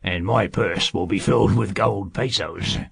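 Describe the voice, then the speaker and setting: A man voicing a sly, greedy male servant who schemes slowly in a husky, gravelly drawl. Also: mid-range voice, animated, fairly bright tone, dry recording, heavily acted. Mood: cunning.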